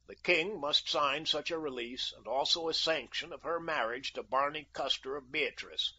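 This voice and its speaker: A man's voice: on the high side, normal speed, bright, forceful tone, husky, full character voice. A man voicing a brash, self-assured young American who bargains coolly and mocks, on a dull lo-fi recording. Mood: firm, cool. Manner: cool, bargaining and mocking. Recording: dull lo-fi audio.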